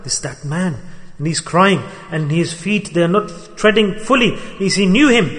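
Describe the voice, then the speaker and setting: A man's voice: sits high, animated, normal speed, a bit bright. A man preaching a sermon in a large mosque, emphatic and storytelling, with many rhetorical questions. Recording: echoey hall reverb.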